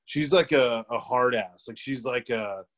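A man's voice: medium pitch, a little slow, a bit bright. Rambling young man telling work stories. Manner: rambling, laughing, heavy filler words and swearing. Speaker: podcast guest. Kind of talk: casual storytelling chat.

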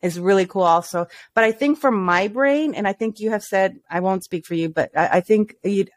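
A woman's voice: medium pitch, moderate pace, no echo. Swearing, laughing woman podcast host. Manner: swears freely, laughs a lot. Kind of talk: casual chat.

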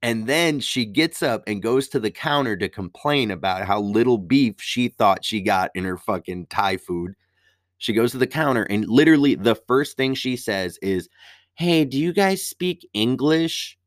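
A man's voice: on the low side, moderate pace, no echo, studio quality. A young man, a stand-up comic, telling a profane story in casual chat. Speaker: stand-up comedian.

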